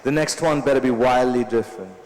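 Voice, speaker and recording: A man's voice: medium pitch, quick pace, a little mellow, slight background noise, lightly acted. A man reading aloud from a novel, voicing a playful young woman lover in a near-normal voice, heard in a reverberant hall. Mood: teasing. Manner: read lightly, barely changed from his own voice. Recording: echoey hall with long reverb.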